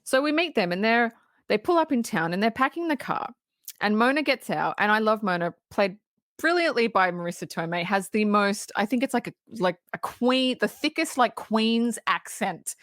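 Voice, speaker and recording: A woman co-hosting a podcast, retelling film scenes in an animated, casual way. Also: on the high side, moderate pace, dry recording, studio quality. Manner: animated retelling with quoted lines. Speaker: podcast co-host. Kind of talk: casual movie review chat.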